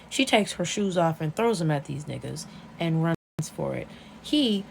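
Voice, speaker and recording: A woman vlogger in a casual, excitable rant, retelling a webcomic plot with plenty of swearing and outbursts. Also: fairly low pitch, normal speed, vocal fry, slight background noise. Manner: excitable and profane, storytelling with gasps and outbursts.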